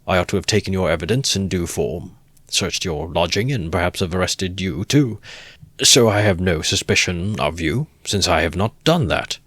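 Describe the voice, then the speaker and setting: Brief: man reading as a needling investigator, deep voice, dry close sound, teasing and ironical. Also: normal speed, a bit bright, no echo. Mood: sly. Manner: teasing, good-humoured, needling questions. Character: sly, ironical middle-aged male investigator.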